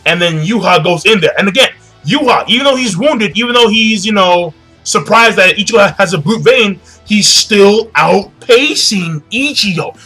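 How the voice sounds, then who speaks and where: A man's voice: high voice, lively intonation, normal speed, bright, forceful tone, slightly rough, faint music behind. A young man giving a casual, profane recap of a comic chapter, rambling and repeating himself. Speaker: manga reviewer.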